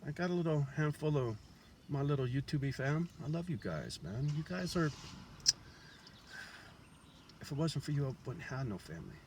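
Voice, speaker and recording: A man's voice: on the high side, animated, brisk, noisy background. Profane streetwise man rambling to camera. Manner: profane, streetwise slang, blunt and candid; chewing a toothpick while talking. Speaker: vlogger. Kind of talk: casual rambling monologue to camera. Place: outside his house while it is being shown.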